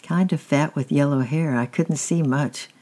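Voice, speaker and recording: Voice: medium pitch, unhurried, warm tone, close to an everyday voice. A reader doing a sullen young boy. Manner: muttering, sullen. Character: young schoolboy, sullen and evasive.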